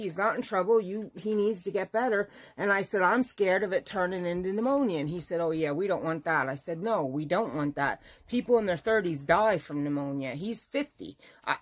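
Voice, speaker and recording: A woman crochet vlogger chatting casually to her viewers, telling an animated story. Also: fairly low pitch. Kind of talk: casual chat to camera.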